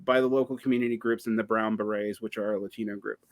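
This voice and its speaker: A man's voice: lowish voice, fairly even intonation, quick pace, dry recording. A man from the Southern United States in a casual political discussion, telling stories with wry asides. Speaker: podcast guest or host.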